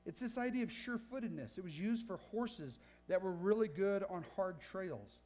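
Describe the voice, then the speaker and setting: A man's voice: high voice, animated, moderate pace, a little mellow. A pastor preaching a sermon in church, earnest and emphatic, often checking in with his listeners. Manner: earnest, emphatic preaching with frequent "right?" asides.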